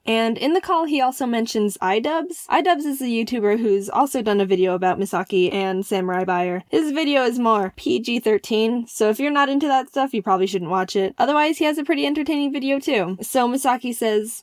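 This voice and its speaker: A woman narrating an animated storytime in an excitable way, jumping into playful voices for the people she quotes. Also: medium pitch, no room sound, studio quality.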